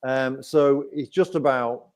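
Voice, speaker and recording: Speaking slowly with fairly even intonation, this medium-pitched host hails from England and has a Nottingham accent. He hosts a casual livestream chat in a chatty, rambling style, frequently tacking on "right?".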